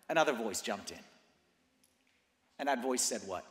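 A man preaching a sermon as a priest, moving from quiet conversational asides to loud, fervent declarations. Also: mid-range voice, lively intonation, normal speed, pauses often. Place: church. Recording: roomy church hall reverb.

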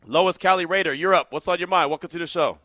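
A man hosting a call-in sports radio show, energetic and animated, speaking from a radio studio. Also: on the high side, quick pace, no echo. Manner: energetic, animated, shouts when excited. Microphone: studio mic.

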